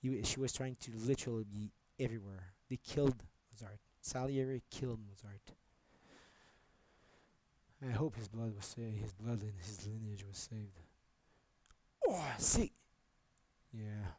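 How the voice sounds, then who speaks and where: A man's voice: on the low side, a little slow, long pauses, dark tone. A man live-streaming, talking in a rambling way, swearing and jumping between topics as he goes.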